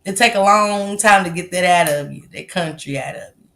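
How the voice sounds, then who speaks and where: Reading comments on her livestream, a Southern American woman talks loosely with her viewers, cursing freely and laughing a lot. She speaks at a normal speed in a fairly low, slightly bright voice.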